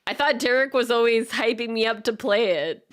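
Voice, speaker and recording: A woman's voice: fairly high pitch, normal speed. Chatty Canadian woman streaming a speedrun. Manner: chatty and rambling, laughs often. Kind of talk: casual live-stream chat while gaming.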